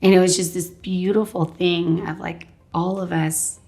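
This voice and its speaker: A woman casually telling a personal story as an interview guest, animated and quick to laugh, often saying "like" and "um". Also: on the low side. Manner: animated, laughs often, acts out what others said; fills speech with "like" and "um". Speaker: guest sharing a healing testimony.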